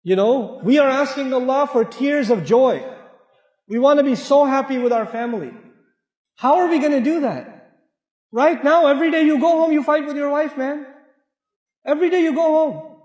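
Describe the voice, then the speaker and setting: A man giving an animated sermon-style talk to a congregation, acting out family quarrels in quick voices. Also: very high-pitched, dull audio. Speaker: Islamic speaker. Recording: roomy hall reverb.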